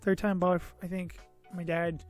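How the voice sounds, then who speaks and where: Faint music plays behind a man recounting a personal story on his vlog. His high voice barely varies in pitch and stays unhurried as he rambles, tired and slightly loopy, with fillers like "uh" and "you know" and self-mocking asides.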